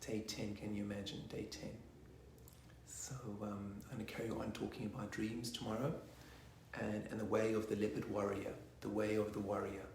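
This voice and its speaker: A man leading a guided meditation online, soft-spoken and slipping into whispers at times. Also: on the low side, monotone, normal speed, slight background noise. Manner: rocks forwards and back while chanting. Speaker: meditation teacher. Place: online session from a room. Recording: roomy echo.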